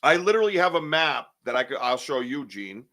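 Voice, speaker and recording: Male host. Bright, lively, joking, casual swearing. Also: mid-range voice, a little fast. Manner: animated, joking, swears casually, laughs often. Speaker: podcast host. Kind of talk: casual chat.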